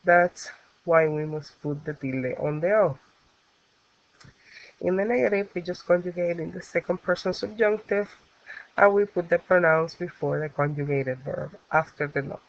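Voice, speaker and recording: A woman's voice: fairly low pitch, normal speed, no room sound. A woman teaching a Spanish grammar lesson, explaining the rules step by step with patient fillers. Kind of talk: recorded classroom lesson. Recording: dull lo-fi recording.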